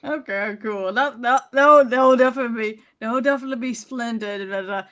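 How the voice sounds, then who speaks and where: A woman takes part in a tabletop game with short, joking replies. Her voice sits a little high for a woman. She keeps her lines brief and casual. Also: fairly quick, fairly bright tone. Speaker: player.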